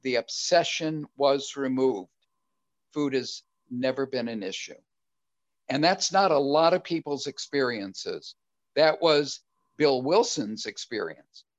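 An older man speaking earnestly and reflectively as a guest speaker, answering questions about his recovery in a halting way. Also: medium pitch, lively intonation, no echo. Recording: dull lo-fi recording.

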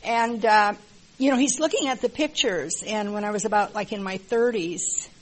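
A woman's voice: medium pitch, normal speed, rough recording. An older woman from the American Midwest gives a candid, wry personal testimony at a support group meeting, with many filler words. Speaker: support group member sharing.

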